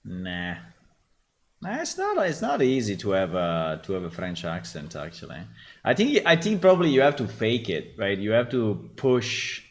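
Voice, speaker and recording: A man's voice: fairly low pitch, wildly swooping pitch, normal speed. A man hosting a developer stream, judging voice samples casually and thinking aloud with many restarts. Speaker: game developer, host. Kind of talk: casual commentary.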